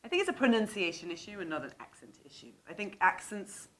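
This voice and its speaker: A woman's voice: mid-range voice, animated, fast, a bit bright. A woman with a mix of Birmingham and southern English accent, a teacher trainer chatting casually, laughing and encouraging. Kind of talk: casual chat.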